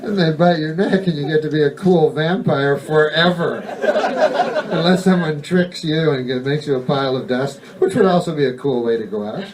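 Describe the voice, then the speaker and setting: Rambling deadpan man with a higher voice. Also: normal speed. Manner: rambling, deadpan, swears a lot. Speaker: stand-up comedian. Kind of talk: stand-up comedy set. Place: comedy club stage with a laughing audience. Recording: distant mic, noisy live recording.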